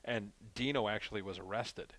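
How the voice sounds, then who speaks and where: A man's voice: fairly low pitch, moderate pace, fairly bright tone, no echo. A man co-hosting a casual sports talk show, chatting and recalling old hockey anecdotes. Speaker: co-host.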